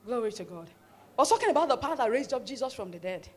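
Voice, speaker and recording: A woman pastor preaching a fervent sermon in a church, urging the congregation to repeat after her and building to shouts. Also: on the high side, animated, very fast. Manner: fervent preaching with call-and-response, rising to shouts.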